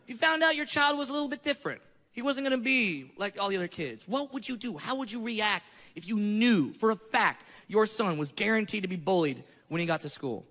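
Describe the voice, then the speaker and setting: Bright high-voiced stand-up man. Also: gravelly. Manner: self-deprecating, punchy storytelling. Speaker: stand-up comedian. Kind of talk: stand-up set. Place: comedy club stage. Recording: reverberant hall with faint noise.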